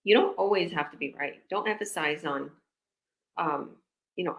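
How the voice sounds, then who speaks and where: A woman business coach talks in a chatty, rambling way on a live video call, acting out little conversations as she goes. Her voice sits a bit low for a woman. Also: fairly quick, vocal fry. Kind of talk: casual live-stream chat.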